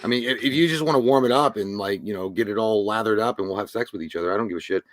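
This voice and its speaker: A man's voice: fairly low pitch, very fast, dry recording, studio quality. A young adult man co-hosting a live show, joking crudely with lots of hesitation and fillers. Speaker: podcast co-host. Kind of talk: casual live-show chat.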